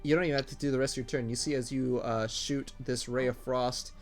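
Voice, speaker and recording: A man's voice: medium pitch, fairly even intonation, a little fast, soft background music. Rambling male game master. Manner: rambling, many ums and restarts. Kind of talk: casual narration of a tabletop game.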